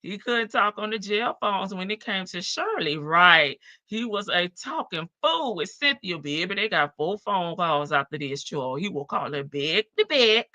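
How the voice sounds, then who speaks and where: A woman's voice: mid-range voice, lively intonation, measured pace, few pauses, pushed and bright, dry recording. A woman hosting a live stream, giving sassy casual commentary on jail calls and answering chat. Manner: sassy, talks back to chat, laughs often.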